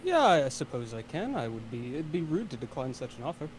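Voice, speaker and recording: A man playing his character in a tabletop game, courteous and measured, with hesitant fillers. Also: mid-range voice, very animated. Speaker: player. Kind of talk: in-character roleplay. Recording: background noise.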